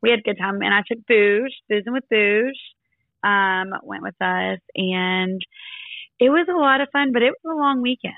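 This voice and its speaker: A woman in her thirties co-hosting a casual chat podcast, a little raspy, playful and laughing as she tells stories. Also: mid-range voice, moderate pace, no room sound. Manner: playful, storytelling, laughs often. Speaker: podcast co-host. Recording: tinny phone-like remote line.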